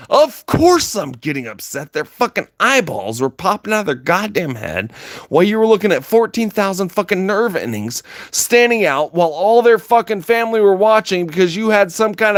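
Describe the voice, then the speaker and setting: A man's voice: sits high, very animated, moderate pace, no echo, clean studio sound. A man livestreaming, ranting heatedly at his chat with constant swearing and emphatic repetition.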